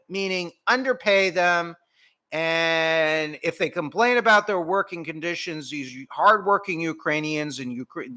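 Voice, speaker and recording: A man's voice: on the high side, bright, forceful tone. A man hosting a political commentary show, delivering an indignant, profanity-laced rant. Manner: indignant, swearing, emphatic.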